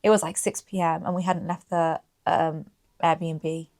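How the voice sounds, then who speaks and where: A woman's voice: low-pitched, steady tone, unhurried, a little mellow. A young woman co-hosting a podcast, chatting casually and rambling with lots of fillers. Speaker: podcast co-host. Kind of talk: casual chat.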